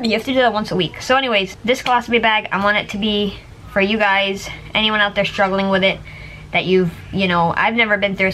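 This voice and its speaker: A woman's voice: mid-range voice, a bit bright, a little hiss or hum. A woman vlogger chatting casually to camera, rambling with lots of fillers and little laughs.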